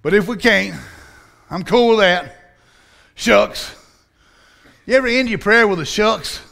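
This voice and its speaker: High, gravelly Southern preacher. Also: male voice, slow pace, long pauses, sharp tone. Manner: folksy, preaching with dialect and acted-out voices. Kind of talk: sermon.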